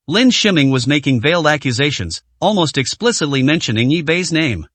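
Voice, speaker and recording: A male narrator reads a serialized web novel in an even, steady way, tripping on a word now and then. His voice sits a little high. The sound is close and dry, with no room around it. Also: a little fast, hardly any pauses, no echo. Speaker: audiobook narrator.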